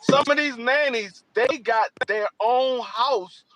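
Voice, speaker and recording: A man from Washington, D.C., co-hosting a podcast, telling stories in a loose, animated way, swearing and repeating himself. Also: very high-pitched, takes it slowly, slight background noise. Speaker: podcast co-host. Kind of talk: casual chat.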